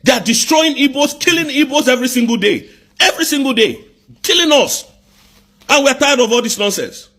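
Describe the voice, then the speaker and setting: A man with a Nigerian accent in an angry live rant, firing off accusing rhetorical questions and sometimes shouting. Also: very high voice, expressive, a little fast. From southeast Nigeria.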